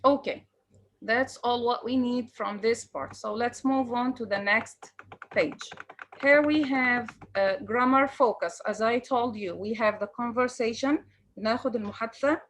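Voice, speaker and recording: A woman's voice: a little high, moderate pace, fairly bright tone, slight background noise. Fields: woman, teacher. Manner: encouraging, switches between English and Arabic. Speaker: English teacher. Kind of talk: online class instruction.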